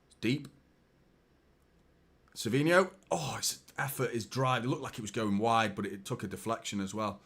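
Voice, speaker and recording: Guy doing a live footy watchalong, sweary and fed up, middle pitch. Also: moderate pace, creaky, pauses often, breathy edge. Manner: swearing, exasperated, animated fan chatter. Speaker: fan watchalong host. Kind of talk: live match watchalong commentary.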